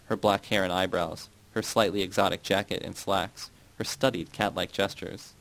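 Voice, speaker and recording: A man reads a novel aloud in the first person, steady and even. His voice sits somewhat low. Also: dry recording, rough recording. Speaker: narrator. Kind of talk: audiobook narration.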